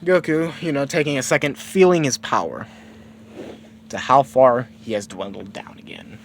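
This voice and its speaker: A man's voice: medium pitch, moderate pace, a little hiss or hum. A man casually improvising a story, rambling and swearing freely. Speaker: streamer.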